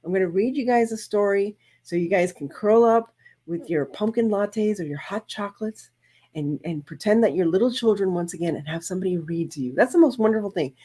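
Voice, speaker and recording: A woman's voice: mid-range voice, brisk, dark tone, slightly rough. A woman hosting a casual craft live-stream, chatting in a rambling, heartfelt way. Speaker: crafting channel host.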